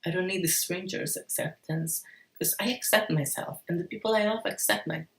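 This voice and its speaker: A woman with a fairly low voice talks straight to her viewers in a frank, upbeat vlog. She curses now and then. The sound is roomy, with her a little back from the mic. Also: moderate pace, vocal fry, recorded from a distance. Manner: frank, encouraging, casual swearing. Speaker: vlogger. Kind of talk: casual advice vlog.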